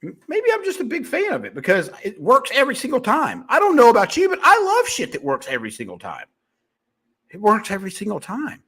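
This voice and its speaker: Speaking quickly in a husky, slightly high voice, this motivational sales coach addresses his viewers in an animated monologue. His delivery rambles, with frequent restarts.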